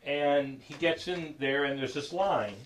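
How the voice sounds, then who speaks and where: A man telling a story to a group in a halting, conversational way, full of fillers, acting out the quoted lines. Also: a little high, slight background noise, rough recording. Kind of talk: casual spoken storytelling.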